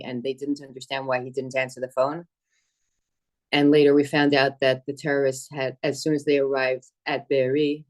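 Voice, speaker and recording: A woman who works as an emergency medic and dispatcher, giving a spoken testimony in a steady, earnest storytelling manner with some hesitations. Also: extremely low pitch. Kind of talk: personal account speech.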